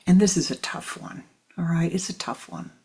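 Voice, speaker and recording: Spiritual teacher, meditative teaching, gravelly voice, very husky, slips into near-whispers, slow deliberate repetition. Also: mid-range voice, animated, a little mellow. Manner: often drops into a breathy near-whisper; slow, deliberate, repeats phrases for emphasis.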